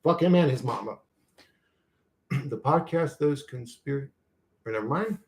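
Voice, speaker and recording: Animated, profane streaming man. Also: medium pitch, moderate pace. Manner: profane, heated, rambling. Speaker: channel host reading live chat. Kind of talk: casual livestream chat.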